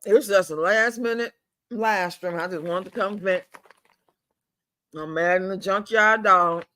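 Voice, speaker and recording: Hosting a live stream from home, an older man with a drawl fumes and swears, returning to the same complaints and stretching words. His high, bright voice has a sharp edge, the sound is dry and close without echo, and he talks a little slowly.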